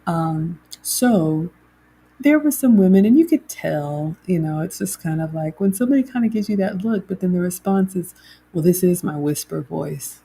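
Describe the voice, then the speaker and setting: A woman's voice: lowish voice, lively intonation, normal speed, dark tone, breathy edge. A middle-aged woman hosts a chatty livestream and reads viewer comments aloud. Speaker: host. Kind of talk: casual livestream chat.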